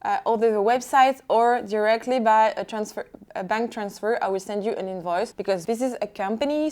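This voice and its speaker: A woman's voice: fairly high pitch, darkish tone. A woman in her twenties with a French accent, speaking English as a second language and presenting items in an enthusiastic casual vlog. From France. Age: 20s. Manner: enthusiastic, fond of repeating words, non-native phrasing. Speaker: vlogger selling secondhand luxury goods. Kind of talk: casual product showcase vlog.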